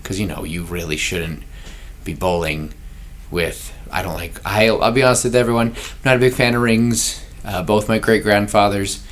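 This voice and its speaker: A man with a fairly low voice hosts a relaxed podcast chat. He rambles loosely through ideas and laughs often. He breaks off now and then to act out bits of a scene. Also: moderate pace, few pauses, slight background noise. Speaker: podcast host pitching story ideas. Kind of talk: casual chat.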